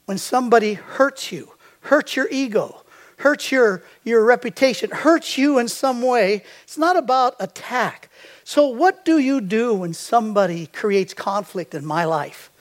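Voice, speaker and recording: A man's voice: very high voice, animated, unhurried. An older man preaching a sermon as a pastor. He tells stories and quizzes the congregation with fill-in-the-blank questions.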